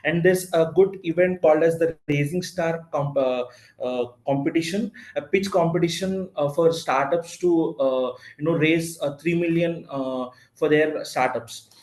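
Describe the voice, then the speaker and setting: A man giving a briefing presentation, halting with many fillers. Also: a little high, darkish tone, reverberant, low-quality recording.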